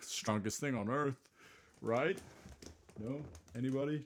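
A man's voice: mid-range voice, expressive, measured pace, slight background noise. A man hosting a comedy podcast, rambling and scatterbrained, with frequent self-mocking asides. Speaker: host. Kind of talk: improvised comedy monologue.

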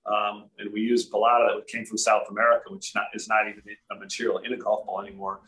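A man with a slightly low voice tells golf stories in an easy, rambling way. He is from Rhode Island and once played on tour. He talks like a guest in a casual chat. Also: fast, poor audio. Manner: relaxed anecdotal, frequent restarts. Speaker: former tour golfer, guest.

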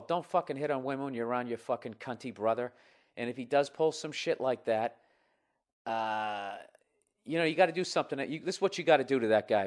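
A man telling a story in a casual, profane, rambling and animated way, then giving blunt advice. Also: medium pitch.

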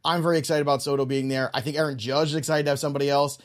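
This man talks very fast at a medium pitch, with little movement in his tone. Co-hosting a podcast, he chats casually about sports, pressing his points hard and reaching again and again for "look" and "you know."

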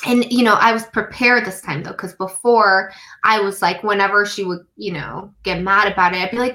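A woman from the United States, a guest in a conversation, telling a personal story earnestly, with frequent "um" and "like" and some slowed phrases for emphasis. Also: medium pitch, fairly even intonation, pushed and bright, rough recording.

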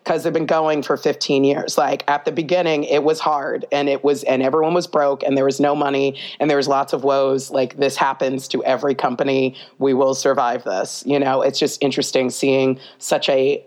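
A woman with a notably deep, low voice talks casually as a podcast guest. She rambles through asides full of fillers and breaks into laughter often. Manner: chatty and animated, laughs often. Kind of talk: casual conversation.

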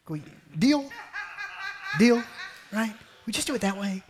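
A male pastor preaching a sermon, animated, often acting out a complaining believer and calling the congregation family. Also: high-pitched, measured pace, crowd noise. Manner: addresses congregation as family and beloved.

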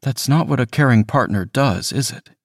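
A man's voice: medium pitch, moderate pace, no echo, clean studio sound, voice pushed up, natural voice. A man voicing a manipulative, decaying young boyfriend who talks in a smothering, coaxing way.

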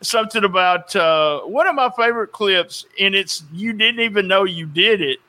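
A man's voice: sits high, animated, normal speed, sharp tone. A man hosting a podcast in casual chat, rambling with fillers and restarts. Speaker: podcast host.

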